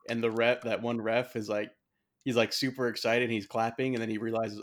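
A man's voice: medium pitch, level tone, fairly quick. A man in casual podcast chat, laid-back and joking, swearing now and then. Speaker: podcast co-host. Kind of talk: casual movie review chat.

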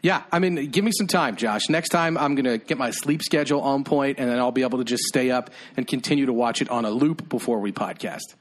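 A man's voice: medium pitch, brisk, hardly any pauses. A young man co-hosting a TV recap podcast, playful and rambling in casual chat. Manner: playful, rambling, self-correcting. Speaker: podcast co-host.

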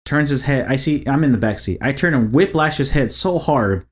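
A man on a casual podcast, spinning a story with plenty of swearing. His pitch swings up and down as he builds the tale, mid-height overall and loose in delivery. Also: moderate pace. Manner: crude, animated storytelling with lots of swearing. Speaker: podcast co-host.

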